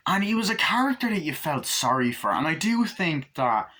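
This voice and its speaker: Male movie reviewer, casual vlog delivery, bright and forceful timbre, rambling and profane. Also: a little high, big pitch swings, normal speed, a little hiss or hum. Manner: rambling and profane, acting out scenes.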